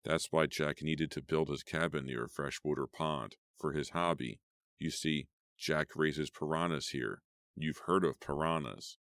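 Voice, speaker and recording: A man's voice: unhurried, fairly bright tone, no echo, studio quality, full character voice. A man voicing Art, a taunting jovial killer. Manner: taunting, matter-of-fact, low and menacing. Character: cruel jovial middle-aged male killer.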